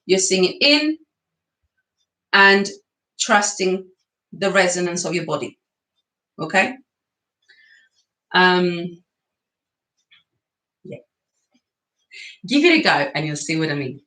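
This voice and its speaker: Taking it slowly and pausing often, a woman from England with a fairly low, sharp, animated voice guides a vocal exercise session. She is chatty and encouraging in an echoey room and laughs between the singing and breathing exercises.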